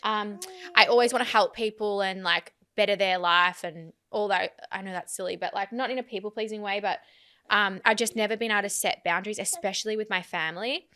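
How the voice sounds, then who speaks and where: A woman's voice: medium pitch, fairly quick, sharp tone. A young woman, chatting candidly on a podcast, rambling and swearing freely. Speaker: podcast host. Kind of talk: casual chat.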